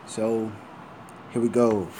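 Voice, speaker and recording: A man's voice: on the low side, flat delivery, slow pace, dark tone, a little hiss or hum. A man talking casually to the camera, meandering and thinking aloud, with some swearing. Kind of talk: casual rambling vlog.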